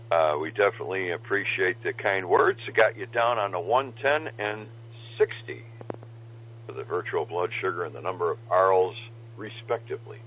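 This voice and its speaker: Man, ham radio net control, folksy and jokey, dull lo-fi radio sound, faint hiss. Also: fairly low pitch. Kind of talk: casual radio net chat.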